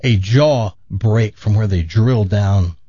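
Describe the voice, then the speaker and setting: A man hosting a radio talk show, telling a long joke in a casual, animated way, his jaw sore after dental work. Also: on the low side, slow, slightly rough, dry recording, muffled recording. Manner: animated joke-telling, laughs at own story.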